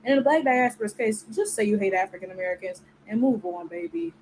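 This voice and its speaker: A woman's voice: mid-range voice, lively intonation, fast talker, background noise. A woman giving a blunt, exasperated rant with mocking imitations. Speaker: commentator. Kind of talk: ranting video commentary.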